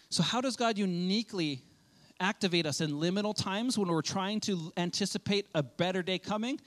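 A man, a pastor, preaching a sermon in a loose, conversational way, acting out quick quoted asides. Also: sits high, a bit bright.

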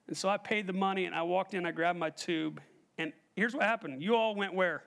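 A man preaching a sermon, telling a personal story in an animated way and quizzing the congregation. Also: high voice, fairly quick, creaky. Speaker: pastor.

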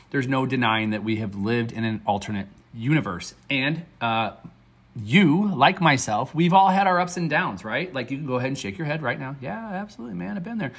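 Husky, earnest male podcast coach. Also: medium pitch, fairly bright tone. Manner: upbeat, earnest, conversational with fillers and restarts. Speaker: podcast host and success coach. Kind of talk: motivational podcast monologue.

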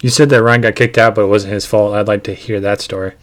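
A man's voice: on the low side, fairly even intonation, fast. A man co-hosting a podcast in casual chat, easygoing and asking his friends questions. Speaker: podcast co-host.

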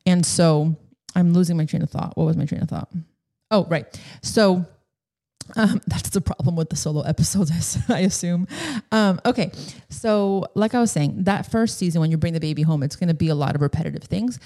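Gravelly, mellow-voiced woman podcaster. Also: lowish voice, brisk. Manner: rambling, emotional, laughs often, loses her train of thought. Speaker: podcast host. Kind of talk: solo podcast chat.

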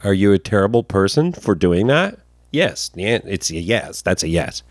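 Chatty male podcast host, lively pitch. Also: moderate pace, dry recording. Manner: joking, rambling asides. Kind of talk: casual podcast chat.

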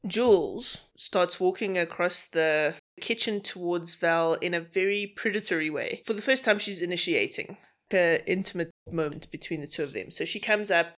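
A woman with a slightly low voice retells the plot in a steady, casual way. She moves through the story scene by scene. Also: moderate pace. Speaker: podcast co-host. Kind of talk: casual chat, narrating plot.

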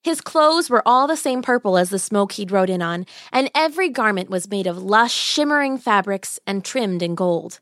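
A woman's voice: medium pitch, a bit bright, no echo, clean studio sound. A woman reading a fairy tale aloud in a light, playful storytelling manner. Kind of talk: scripted narration.

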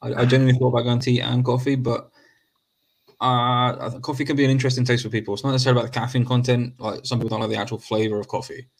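A man's voice: mid-range voice, level tone, very fast. A man, rambling with mock seriousness and swearing freely in a casual podcast chat.

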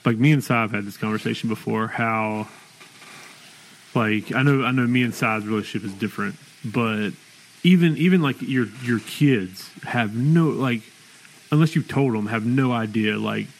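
A man's voice: medium pitch, moderate pace, slight background noise, rough recording. A man co-hosting a podcast, talking casually and reflectively, full of "like". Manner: earnest and reflective, with many "like" fillers. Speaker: podcast co-host. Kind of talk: casual chat.

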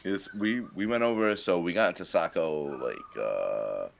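Very low-voiced man telling a rambling story. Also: unhurried, creaky. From Rhode Island. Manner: profane, rambling storytelling with frequent laughs. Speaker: podcast co-host. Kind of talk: casual chat.

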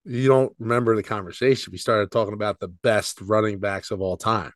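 A man's voice: on the low side, a little fast, no room sound, clean studio sound. A man co-hosting a casual sports podcast, ranting with plenty of swearing. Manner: animated, profane sports ranting. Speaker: podcast co-host. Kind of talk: casual chat.

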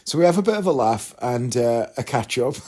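A man's voice: mid-range voice, lively intonation, brisk, a little mellow. Chatty man telling a candid story. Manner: chatty, candid, rambling with asides and quoted voices. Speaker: vlogger. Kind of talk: casual storytelling to camera.

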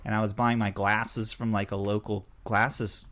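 A man co-hosting a casual chat, telling stories in a relaxed way and laughing as he talks. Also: fairly low pitch, moderate pace. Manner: laid-back storyteller, laughs while talking. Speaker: podcast co-host.

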